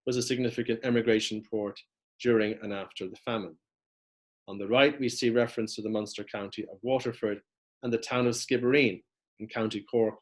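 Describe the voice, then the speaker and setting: A man giving a prepared lecture, reading steadily from notes as he walks through maps. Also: lowish voice. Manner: measured, reads from notes with map references.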